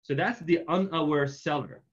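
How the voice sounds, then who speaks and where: A man's voice: fairly high pitch, normal speed. A man coaching, telling a loose example story and tagging most sentences with "right?". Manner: loose storytelling, constant "right?" tags and fillers. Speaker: real estate marketing coach. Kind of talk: casual teaching in a Q&A. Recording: dull lo-fi recording.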